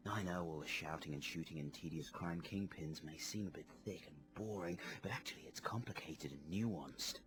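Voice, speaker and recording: A man playing a brooding male action-film hero in a comedy radio sketch, muttering lines low and half-whispered. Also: moderate pace, few pauses, close to an everyday voice. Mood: gruff, brooding.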